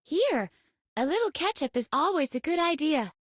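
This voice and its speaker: A woman's voice: sits high, very animated, normal speed, no echo, studio quality. A woman voicing a plucky young woman escaping an asylum in a video game, chirpy and offbeat. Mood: playful. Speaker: game protagonist. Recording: game audio with faint music.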